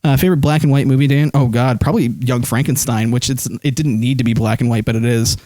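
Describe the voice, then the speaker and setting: A man's voice: medium pitch, fairly even intonation, fast talker, dark tone, dry recording, clean studio sound. A man streaming live, rambling casually and reading chat comments aloud with lots of fillers while holding his phone. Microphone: desk microphone.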